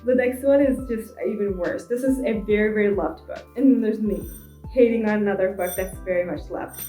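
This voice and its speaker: A woman's voice: medium pitch, fairly quick. A young woman vlogger giving a blunt, exasperated casual book review. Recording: echoey room with soft music behind.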